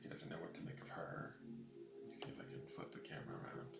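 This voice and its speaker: Loud music plays behind this fast-talking man in an echoey room as he runs a tarot live stream. He chats casually, reads out viewers' names while answering their comments, and coos at his new cat in a high-pitched baby voice.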